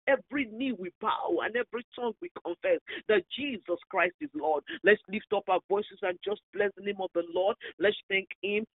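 A man's voice: high-pitched, no echo. A man preaching and leading prayer with fervent, repetitive exhortation. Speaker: pastor. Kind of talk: sermon and led prayer. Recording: tinny phone-like dry sound.

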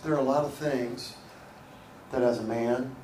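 Middle-aged American male pastor, emphatic sermon delivery with hushed asides, distant mic in an echoey hall with faint ambience. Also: mid-range voice, fairly even intonation, a little slow, a little hiss or hum. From United States. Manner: emphatic, repeating phrases, swings between loud and hushed.

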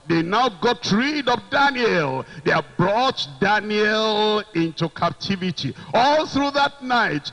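A man preaching a sermon, slow and emphatic, repeating phrases and shouting out quoted lines. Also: sits high, lively intonation, rough recording.

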